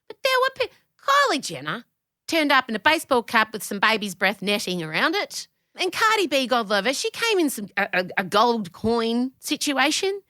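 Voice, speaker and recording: An Australian woman hosting a podcast, chatting in an animated, opinionated way, swearing freely and jumping between tangents. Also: a little high, normal speed, no room sound, studio quality. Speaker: podcast host; comedian. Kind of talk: casual podcast chat.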